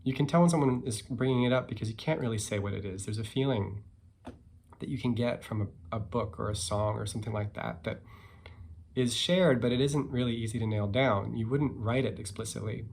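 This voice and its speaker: A man, a picture book author, talking casually and reflectively about his book with many pauses and fillers. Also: mid-range voice, creaky, a little hiss or hum. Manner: relaxed, musing, many fillers and hedges. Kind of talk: casual talk and read-aloud.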